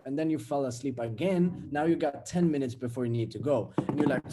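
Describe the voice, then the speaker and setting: A man's voice: fairly high pitch, expressive, a little fast, background noise. A young man giving a casual, blunt motivational talk, swearing freely and acting out everyday scenes. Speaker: self-development vlogger.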